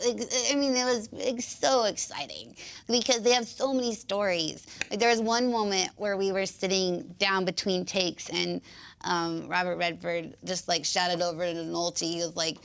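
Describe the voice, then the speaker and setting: Creaky-voiced woman guest, chatty. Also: lowish voice. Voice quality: unique speaking voice. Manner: chatty, halting with fillers and restarts. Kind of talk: casual interview chat.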